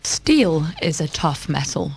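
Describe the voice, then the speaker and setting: A woman's voice: low voice, very animated, slow, vocal fry, breathy edge. A woman answering lesson questions in precise, complete sentences. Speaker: model student. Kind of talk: scripted drill answers.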